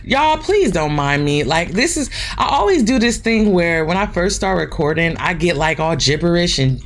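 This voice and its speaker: A woman's voice: lowish voice, big pitch swings, normal speed, a little hiss or hum. A woman hosting a gaming channel, chatting casually and swearing freely as she plays a horror game and talks straight to her viewers.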